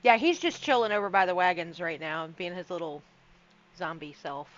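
A woman's voice: lowish voice, animated, normal speed, a bit bright, lo-fi sound. A woman playing a tabletop game, explaining her character's details. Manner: explains rules and character flavor. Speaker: player. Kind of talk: tabletop role-play chat.

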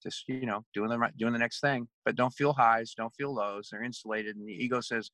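A man's voice: mid-range voice, fairly even intonation, a little fast, few pauses, a bit bright, no room sound, rough recording. A middle-aged man, an executive coach, earnestly telling a story from a coaching session as a podcast guest, acting out both sides of the talk.

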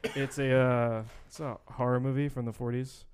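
A man's voice: mid-range voice, level tone, normal speed, darkish tone, slight background noise. A man co-hosting a casual podcast, talking loosely and rambling, with casual swearing. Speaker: podcast co-host. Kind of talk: casual film-podcast chat.

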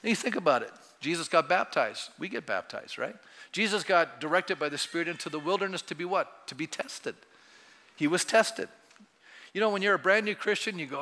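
A man's voice: fairly high pitch, lively intonation, a little fast, bright, forceful tone. A man in his sixties, a pastor preaching a sermon in a church sanctuary, chatting and joking with the congregation before building to fervent exhortation. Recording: reverberant church hall.

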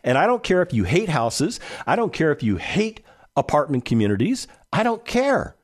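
A man's voice: a little high, big pitch swings, brisk. Guy hosting a radio talk show, blunt and chatty, voice goes up and down a lot. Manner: conversational, asks listeners direct questions; blunt and emphatic.

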